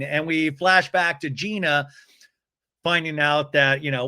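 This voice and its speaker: A man hosting a comedic recap, animated, slipping into high campy impressions of the people he retells. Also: unhurried, no echo, clean studio sound. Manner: animated, mimics cast members in high campy voices. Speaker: podcast host recapping reality TV.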